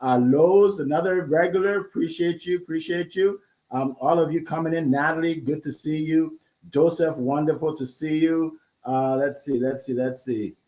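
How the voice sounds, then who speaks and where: A man's voice: a little high, normal speed. A man hosting a live online panel over a video call, greeting viewers energetically with lots of fillers. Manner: energetic, filler-heavy welcomes. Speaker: host.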